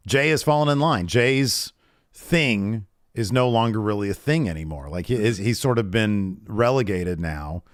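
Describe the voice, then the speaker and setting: A man co-hosting a casual wrestling podcast, talking excitedly with many fillers and restarts. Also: lowish voice, normal speed, dry recording, clean studio sound. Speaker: podcast co-host. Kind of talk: casual wrestling recap chat.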